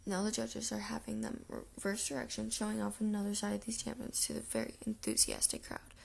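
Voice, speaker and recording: A woman reading a children's chapter book aloud in a soft, half-whispered way, her voice gravelly and rough from the early morning. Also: mid-range voice, very animated, fairly quick, slight background noise. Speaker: audiobook reader.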